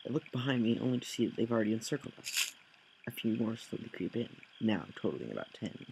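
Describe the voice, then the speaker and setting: Gravelly man reading a game aloud. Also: medium pitch, sing-song, fast, noisy background. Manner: reads aloud with slips, self-corrections and jokey asides. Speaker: let's play host.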